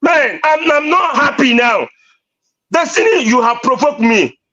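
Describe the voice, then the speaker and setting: A man's voice: very high-pitched, expressive, a little slow, bright, forceful tone, dull audio, soft background music. A man with a Nigerian accent debating on a live stream, ranting insistently and repeating himself. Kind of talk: heated debate.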